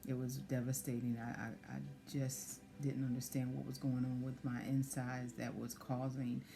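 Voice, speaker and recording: Woman, hesitant testimony, flat, gravelly, faint music behind. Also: extremely low pitch, moderate pace. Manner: soft-spoken, hesitant, many fillers. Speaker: guest sharing pregnancy loss story. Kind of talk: personal testimony conversation.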